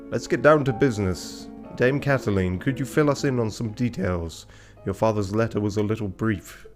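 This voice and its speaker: A man voicing a pompous male bird lawyer in a theatrical manner, close to his own low voice. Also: moderate pace, music in the background, natural voice. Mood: formal.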